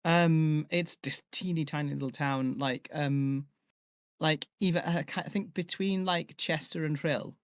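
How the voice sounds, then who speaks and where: A man's voice: a little high, fairly even intonation, unhurried, dry recording. A young man from Cheshire, an audio drama maker, chatting casually on a live stream and rambling with many fillers and restarts. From Cheshire, England.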